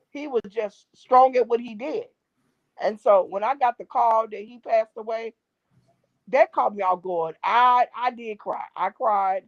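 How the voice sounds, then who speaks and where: Brief: middle-aged woman, gospel guest, emphatic preachy testimony, somewhat high voice, dull lo-fi line. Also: darkish tone. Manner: preachy, emphatic, repeats key phrases. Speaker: gospel singer and drummer, guest. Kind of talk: casual interview, faith testimony. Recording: dull dry lo-fi recording.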